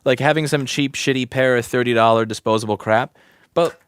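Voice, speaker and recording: Man, 30s, repair-shop streamer; loose ranting delivery, swears, big swings between loud and mumbled, dry close sound. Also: lowish voice, fast talker, no echo. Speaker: livestream host, repair technician. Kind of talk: casual livestream rant.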